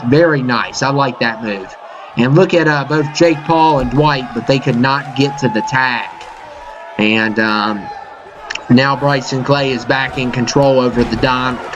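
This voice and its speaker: A man doing casual, excitable play-by-play commentary over a wrestling video game, full of fillers and "uh-oh" exclamations. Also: medium pitch, unhurried. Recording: dull lo-fi mic with game crowd and noise behind. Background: video game arena crowd noise.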